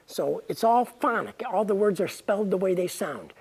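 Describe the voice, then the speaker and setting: A woman reading her own playful, pun-laden story aloud, in a gravelly, husky voice. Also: medium pitch, animated, normal speed, darkish tone.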